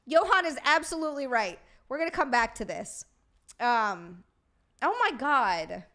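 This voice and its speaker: A high, bouncy woman's voice that swings all over as she hosts a casual livestream chat. She is excitable and loose, swearing freely and laughing between the super chats she reads aloud. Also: normal speed. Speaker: streamer and podcast host.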